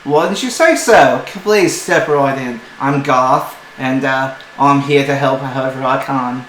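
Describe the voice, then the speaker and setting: A man voicing a huge male shop apprentice with a blunt, gruff manner who turns eager to please once money comes up. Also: mid-range voice, unhurried, fairly bright tone, lightly acted. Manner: blunt, then fawning when money is offered. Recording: echoey room with some noise.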